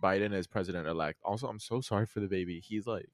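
A teenage boy hosting a podcast with friends, chatting casually and joking with quick asides. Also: low voice, dry recording. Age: teens. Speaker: podcast host. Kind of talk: casual chat.

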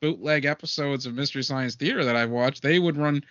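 A man's voice: medium pitch, brisk, a bit bright, no echo. A man from Canada, a guest on a movie podcast, talking in dry, sarcastic casual chat. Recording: dull, dry podcast audio.

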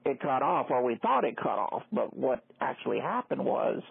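A man's voice: mid-range voice, very animated, moderate pace, vocal fry, breathy edge, dry recording. A man from Texas leaving a chatty voicemail for a podcast host. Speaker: caller. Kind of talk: voicemail message. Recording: tinny dry phone line.

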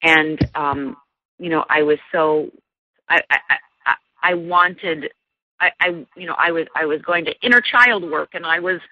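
A woman's voice: low-pitched, a little slow, no room sound. A woman, a life coach, earnestly telling a personal story in an interview, with many fillers and restarts. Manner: earnest, many fillers and restarts, mimics voices when quoting. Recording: dull lo-fi radio sound, dry.

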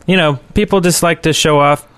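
A man's voice: fairly high pitch, brisk, fairly bright tone, smooth. A man hosting a casual podcast in an easygoing way, reading listener notes aloud. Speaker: podcast host. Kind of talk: casual chat.

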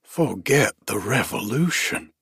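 A man voicing a white-haired old male soldier with a soft, hushed, courteous way of speaking. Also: fairly low pitch, slow, vocal fry, breathy edge, no echo, studio quality, exaggerated voice. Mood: earnest.

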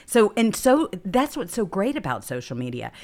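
A woman's voice: mid-range voice, big pitch swings, normal speed. A woman hosting a political talk show, speaking in an emphatic, preachy way.

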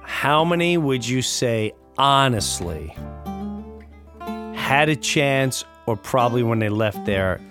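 A man's voice: medium pitch, lively intonation, slow pace, over music. A man hosting a podcast, asking a guest curious questions in a casual chat. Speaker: podcast host.

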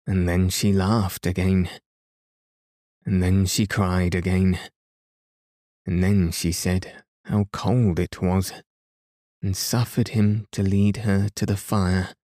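A man reading a classic story aloud in a calm, gentle way to help listeners fall asleep. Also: low voice, slow pace, pauses often, no room sound, studio quality. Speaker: podcast reader. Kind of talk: slow, soothing bedtime story reading.

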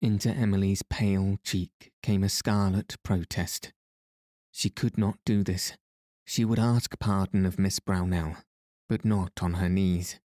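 A man reading a novel aloud as an audiobook narrator, calm and measured. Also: deep voice, no room sound, clean studio sound. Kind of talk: scripted narration.

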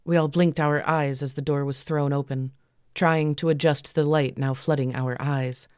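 A woman reads a first-person erotic story as an audiobook, telling it at a steady, even pace. Her voice sits very low for a woman. The recording is close and completely dry. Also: normal speed, smooth, no echo. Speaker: audiobook narrator.

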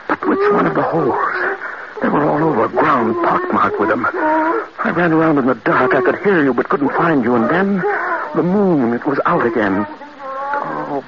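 An actor playing a frantic, grief-stricken man who shouts and breaks into cries, in 1940s radio acting style. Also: mid-range voice. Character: man haunted by a horror, frantic and grieving. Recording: muffled old radio recording with hiss.

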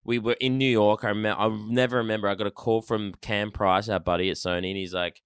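Animated man telling stories. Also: fairly low pitch, quick pace, clear, resonant tone, no echo, clean studio sound. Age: 30s. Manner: animated, swears freely, loud storyteller. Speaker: band member guest. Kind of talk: casual storytelling chat. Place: rehearsal studio.

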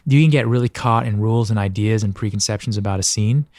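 A man's voice: lowish voice, fast talker, a little mellow, no room sound. A man speaking as a podcast guest in casual conversation, earnest and reflective, often stopping and restarting his sentences.

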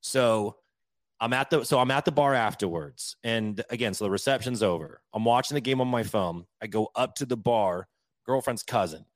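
A young man co-hosting a podcast, telling a story in casual chat, animated and quick to laugh, swearing now and then. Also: mid-range voice, no echo. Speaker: podcast co-host.

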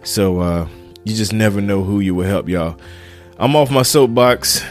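A middle-aged man delivers a fired-up, preachy podcast pep talk and keeps calling his listeners "y'all". His voice sits fairly low. Faint music plays softly under him. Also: a little slow. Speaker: podcast host. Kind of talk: casual motivational podcast monologue.

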